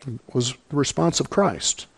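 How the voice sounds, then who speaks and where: A man preaching a sermon, emphatic, dropping low and then rising. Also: lively intonation, normal speed, a bit bright, breathy edge. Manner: emphatic, swings between low and raised voice.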